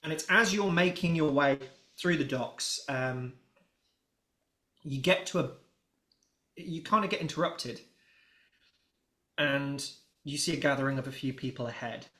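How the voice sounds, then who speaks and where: A man's voice: a little high, a little slow, pauses often, pushed and bright. Rambling man narrating a tabletop game. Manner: rambling, many fillers and restarts. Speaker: game master. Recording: roomy echo.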